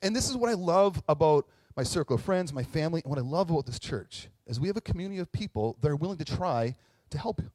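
A man's voice: fairly high pitch, fast talker, no echo. A man in his thirties, a pastor telling a story in a sermon, joking and talking straight to the audience. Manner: animated, jokey, talks to the audience.

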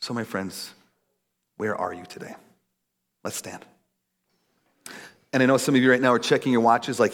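A man in his thirties preaching a casual, animated sermon, acting out little quotes. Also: moderate pace, pauses often. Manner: animated, acts out quotes in a high voice. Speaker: pastor.

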